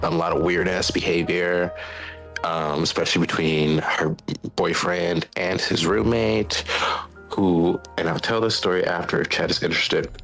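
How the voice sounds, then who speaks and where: A man with a very low, gravelly voice spins a rambling, profane story in casual stream chat. Faint music plays behind him. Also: fairly even intonation, a little slow, fairly bright tone, rough recording. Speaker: streamer host.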